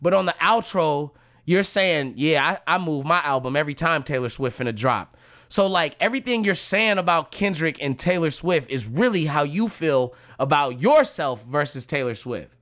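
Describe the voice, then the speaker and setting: Bright-voiced man, profane and animated. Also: on the high side, normal speed. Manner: profane, animated, mocking, laughs often. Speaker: rapper reacting to diss tracks. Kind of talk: casual reaction commentary.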